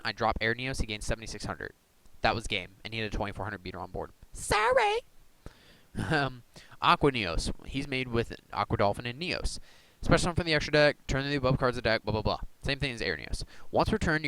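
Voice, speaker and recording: A man's voice: mid-range voice, fairly bright tone, no room sound, poor audio. A young man casually walking through his card deck, rambling with many ums and uhs. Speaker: YouTuber showing a card deck. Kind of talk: casual deck profile talk.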